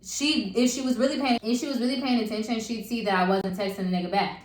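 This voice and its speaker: A young woman telling a story in casual chat, animated and profane, acting out the people she quotes. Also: a little high, quick pace. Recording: echoey room.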